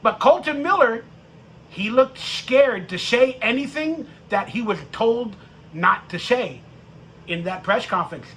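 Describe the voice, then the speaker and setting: A man hosting a live-stream fan rant about football, profane and mocking, with bursts of shouting. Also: very high-pitched, lively intonation, unhurried, slight background noise. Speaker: sports podcast host.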